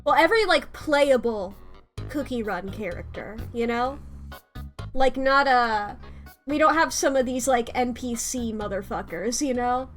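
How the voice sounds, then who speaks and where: Woman, young adult, high voice, casual stream chat, rambling, swears a lot, frequent laughter. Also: measured pace, soft background music. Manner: rambling, animated, swears freely, laughs often.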